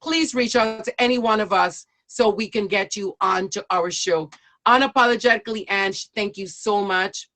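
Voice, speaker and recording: A woman's voice: medium pitch, moderate pace, fairly bright tone. A woman hosting a live storytelling stream, upbeat and encouraging toward her guests.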